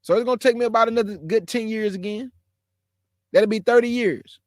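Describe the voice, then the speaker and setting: A man's voice: sits high, a little fast, no room sound, clean studio sound. A man in his forties giving a casual, emphatic preaching talk as a caller in an online religious discussion, calling his listeners bro and y'all. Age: 40s.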